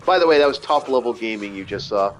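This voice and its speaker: A man's voice: fairly low pitch, expressive, fast, soft background music. A man hosting a casual gaming chat, rambling and swearing with many stumbling restarts. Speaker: let's play host. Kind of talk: casual chat over gameplay.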